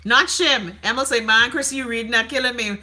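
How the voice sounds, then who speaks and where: A woman hosting a casual live stream, reading viewer comments aloud in a brash, profane, gossipy way, with sudden dramatic jumps in pitch. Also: brisk, sharp tone.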